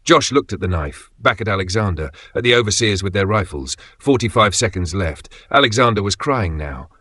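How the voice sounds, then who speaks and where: A man narrating a scripted dark horror story in a steady, grave tone. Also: lowish voice, moderate pace, dry recording.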